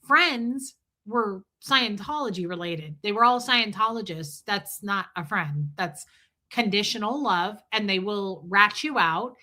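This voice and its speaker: A woman in her forties hosts a casual livestream and talks bluntly, swearing freely and telling stories with a lot of life. Her voice is bright and sharp. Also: medium pitch, a little slow. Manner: blunt, profane, animated storytelling. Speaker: livestream host.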